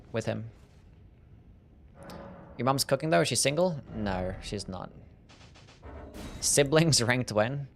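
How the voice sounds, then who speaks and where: A man with a mild Australian accent, talking at an ordinary mid pitch as he streams a game. He chats easily with his viewers, joking and answering questions as he plays. Soft game music sits faintly behind his voice. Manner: relaxed, jokey, reads and answers chat. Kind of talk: casual live-stream chat while gaming.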